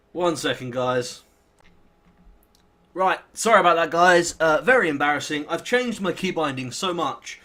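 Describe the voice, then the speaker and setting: A young British let's play host with a slightly high voice casually commentates his gameplay. He rambles and pokes fun at himself while thinking out loud.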